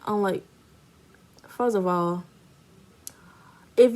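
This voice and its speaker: A woman's voice: lowish voice, slow pace, pauses often, a little mellow. A woman vlogger telling a storytime in an indignant, emphatic, ranting way. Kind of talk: storytime vlog.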